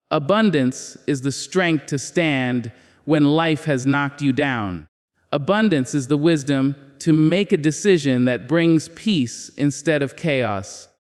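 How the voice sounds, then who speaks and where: A man giving a preaching motivational speech, with solemn, emphatic declarations and repeated phrases. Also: fairly high pitch. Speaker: motivational speaker. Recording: long hall reverb.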